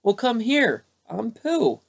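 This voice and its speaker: A man voicing a gentle, friendly bear in a storybook reading. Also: very high-pitched, wildly swooping pitch, takes it slowly, creaky, husky, voice pushed up, exaggerated voice. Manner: mild, puzzled.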